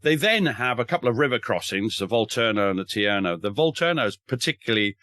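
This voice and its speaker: Brief: male historian, animated and wry, mid-pitched, dry close recording, frequent restarts. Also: fast, no room sound. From north of England. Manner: enthusiastic, wry humor, mild swearing, frequent restarts. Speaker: historian and author. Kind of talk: casual podcast chat.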